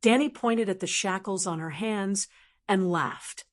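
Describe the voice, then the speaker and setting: A woman narrating a fantasy audiobook in an even, steady storytelling manner. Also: medium pitch, measured pace.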